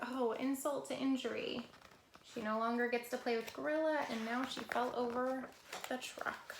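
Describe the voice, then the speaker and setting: A woman reading a picture book aloud to children as a storyteller, lively and talking straight to her young listeners, sometimes dropping into a soft whisper. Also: fairly high pitch, normal speed, gravelly, reverberant. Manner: animated, talks straight to children, drops to soft whispers for asides.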